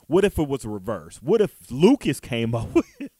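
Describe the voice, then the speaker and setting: A man co-hosting a casual podcast chat, speaking hesitantly with frequent pauses and restarts. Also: mid-range voice, huge pitch swings, dark tone. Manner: hesitant, many ums and restarts. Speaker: podcast co-host.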